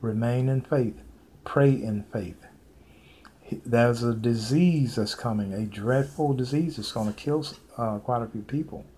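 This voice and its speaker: A man delivers an informal sermon straight to his viewers, pausing often and repeating his key phrases with steady earnestness. His voice sits at a middling pitch, and a faint hiss of background noise runs under the recording. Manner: repetitive, earnest, with many pauses and fillers. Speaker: preacher sharing prophetic visions. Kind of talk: informal spoken sermon to camera.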